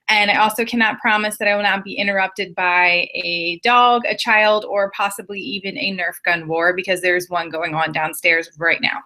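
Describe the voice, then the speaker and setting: A woman in her thirties sharing her personal story on an online group call, candid and chatty with quick asides. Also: mid-range voice, pushed and bright. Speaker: guest. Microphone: video call.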